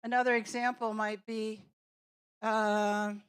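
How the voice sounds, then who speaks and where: A woman's voice: mid-range voice, level tone, clear, resonant tone. A woman presenting a teacher training workshop in a classroom, explaining an activity step by step and walking through examples. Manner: slow, deliberate, explaining and demonstrating with examples.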